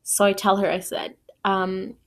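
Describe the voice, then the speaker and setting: She's a woman in her twenties hosting a podcast, and her mid-range voice has a gravelly texture, a level tone and an unhurried pace. She tells a personal story casually, sprinkling in "like" and "you know" and chuckling at herself.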